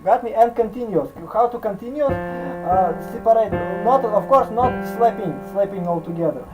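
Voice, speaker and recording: A high-pitched man with a Russian accent coaches a piano student over a video call. His English comes in halting bursts, full of Russian fillers and restarts, and he scats melodies to show phrasing while piano music plays clearly behind him. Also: lively intonation, poor audio. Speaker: piano teacher. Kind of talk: online piano lesson.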